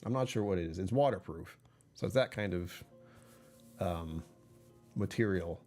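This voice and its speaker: Man, livestreamer, casual chat, rambling, self-correcting, chuckles mid-sentence, slightly low voice. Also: moderate pace, darkish tone, faint music behind.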